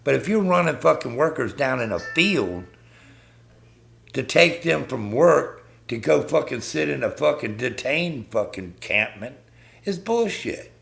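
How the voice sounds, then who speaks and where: A man's voice: medium pitch, big pitch swings, measured pace, vocal fry, a bit bright. A man hosting a live stream, ranting bluntly and swearing constantly as he talks to viewers about politics.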